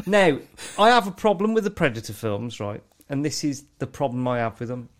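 A man's voice: medium pitch, expressive, normal speed. A man co-hosting a casual podcast chat, sweary and laughing a lot, often mimicking voices in quotes. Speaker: podcast co-host.

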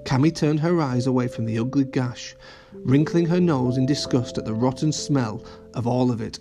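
Brief: gentle male reader of a children's storybook, warm tone, faint music bed. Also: moderate pace. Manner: gentle, switches to high voices for characters. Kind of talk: reading a children's story aloud.

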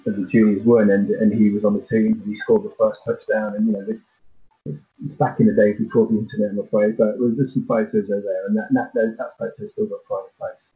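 A man's voice: fairly low pitch, level tone, faint music behind. Middle-aged man on a tinny line. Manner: halting, searching for words. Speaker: podcast guest, flag football parent. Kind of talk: casual chat, reflective.

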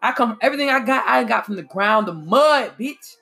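A woman in her late twenties holds forth in a loose, profane conversation. She is emphatic and animated, swinging her pitch widely. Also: fairly quick, gravelly, soft background music. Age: 20s. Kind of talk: casual chat.

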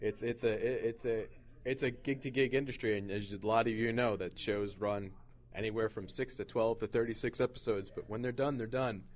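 A man speaking as a voice actor on a convention panel, joking, with halting restarts now and then. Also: fairly low pitch, steady tone. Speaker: voice actor guest.

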